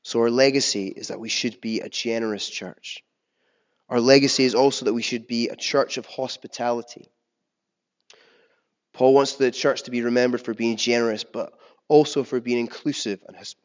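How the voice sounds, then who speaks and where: A man preaching a sermon in a conversational, self-deprecating way, often pausing and restarting. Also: medium pitch. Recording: dull sound with long reverb in a hall.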